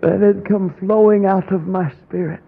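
A man's voice: sits high, steady tone, moderate pace, creaky, slightly rough. A male preacher telling a personal story in a sermon, dramatic and drawn out, with sudden rises in his voice. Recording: tinny phone-like radio broadcast.

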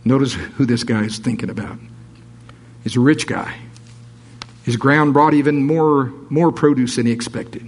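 Husky man preaching a sermon. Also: mid-range voice, normal speed, pauses often. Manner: animated, reads scripture aloud with jokes and asides.

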